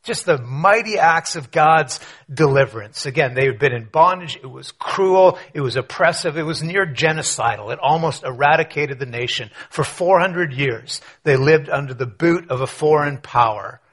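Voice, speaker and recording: Man, pastor, sermon, husky, slightly high voice, conversational, rhetorical questions. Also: moderate pace, a bit bright.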